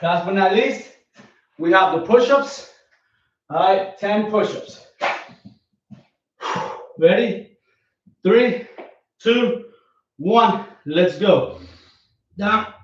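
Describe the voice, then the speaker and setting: A man's voice: high-pitched, very slow, pauses often. A man coaching a home workout, counting his reps aloud as he exercises, recorded from a distance in a room at home. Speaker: fitness coach. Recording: echoey distant lo-fi home video.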